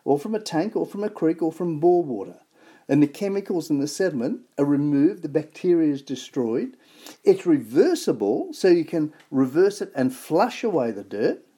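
An enthusiastic Australian host chats casually about local products, with a mellow, warm tone and a voice that swoops up and down a lot. Web addresses get spelled out slowly, letter by letter. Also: mid-range voice, husky.

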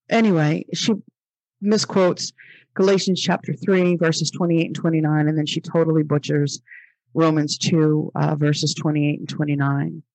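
Female podcast host, husky tone, dead-dry sound; reads passages aloud, then pushes back emphatically, repeating lines for stress. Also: low voice, steady tone, a little slow, darkish tone, no echo. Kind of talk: religious commentary podcast.

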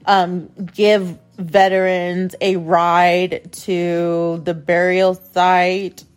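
A woman's voice: lowish voice, darkish tone. A woman hosting a podcast, telling a story in a casual, profane, indignant rant, with lots of filler words. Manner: heavy use of filler "like". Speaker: podcast host.

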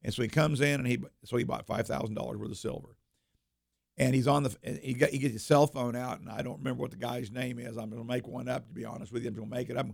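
Gravelly-voiced man spinning a yarn. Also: mid-range voice, quick pace, dry recording, clean studio sound. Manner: rambling, repeats words and restarts, animated anecdotes. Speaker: coin shop owner, radio guest. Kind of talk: casual storytelling on a talk radio show.

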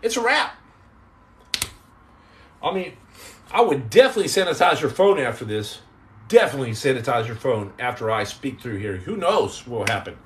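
A man hosting a casual live podcast, joking and teasing viewers in slangy talk that drops into low mutters. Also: big pitch swings, normal speed, pauses often, a little hiss or hum. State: on house arrest. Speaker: podcast host reading live chat. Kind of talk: casual live-stream chat.

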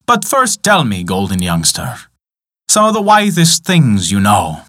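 A man's voice: fairly low pitch, huge pitch swings, a little slow, a bit bright, dry recording, studio quality, voice pushed down, heavily acted. A man voicing a stern ancient wizard. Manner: stern, scolding. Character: ancient wise male wizard, stern and scornful.

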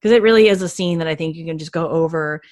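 A woman co-hosting a podcast, chatting enthusiastically with many quick restarts. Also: deep voice, a little mellow, no echo, clean studio sound. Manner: enthusiastic, gushing, frequent restarts. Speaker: podcast co-host. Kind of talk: casual podcast chat.

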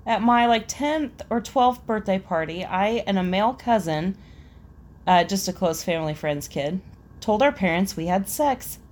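A woman's voice: medium pitch, animated, measured pace, a little mellow. A young woman casually reading out embarrassing stories and laughing between them. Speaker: storyteller reading listener stories.

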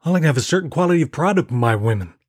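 A man's voice: a little high, animated, rapid-fire, husky, no room sound, studio quality, voice pushed up. A man putting on a smug, pompous middle-aged male radio presenter. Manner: pompous, self-satisfied.

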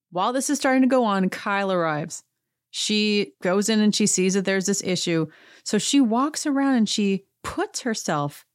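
Woman, casual recap host, sarcastic, acts out quotes, lower pitch, dry sound. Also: no echo. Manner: chatty, sarcastic, acts out quotes with lively voices. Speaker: podcast host recapping a reality show.

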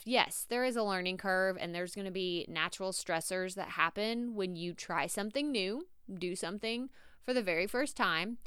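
Smooth, mid-range and fairly bright, this woman's voice comes through at studio quality with no room sound. Hosting a solo podcast in a Texas drawl, she gives "y'all" blunt, chatty tough-love advice.

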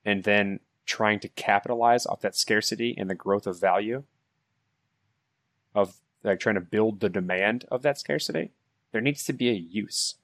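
A man's voice: lowish voice, normal speed, a bit bright, no room sound. A man co-hosting a casual podcast, ranting with repeated words and restarts. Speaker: podcast co-host.

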